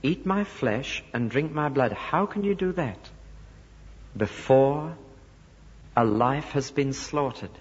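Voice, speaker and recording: A man's voice: mid-range voice, expressive, takes it slowly, husky. A man preaching a sermon, explaining scripture and voicing the people he quotes. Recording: dull recording in a large reverberant hall.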